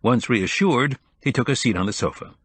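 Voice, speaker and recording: A man reading an audiobook in a measured, even scripted narration. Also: mid-range voice, breathy edge, dry recording.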